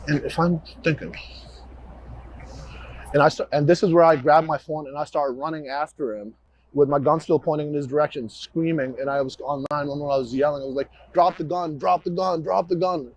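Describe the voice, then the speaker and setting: A man, a police officer, giving a halting recorded account full of restarts. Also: on the high side, steady tone, low-quality recording. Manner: halting, with frequent restarts and fillers.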